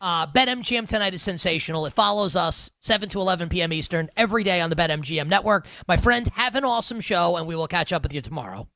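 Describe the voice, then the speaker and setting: Lively, bright-voiced joking male host. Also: sits high, quick pace, vocal fry, few pauses, dry recording. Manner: loose, joking, rambling with restarts. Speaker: sports betting show host. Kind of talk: casual live show chat.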